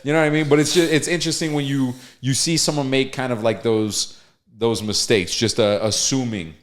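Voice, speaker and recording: A man with a mid-range voice, chatting casually on a podcast. He tells his story in a relaxed, easygoing way and laughs easily along the way. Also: medium pitch, brisk. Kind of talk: casual chat.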